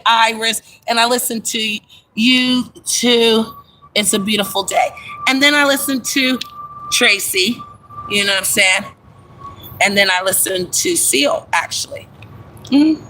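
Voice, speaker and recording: A woman hosting a casual livestream from her phone, chatting in an animated way and greeting viewers by name. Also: on the high side, measured pace, slight background noise, low-quality recording. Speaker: livestream host.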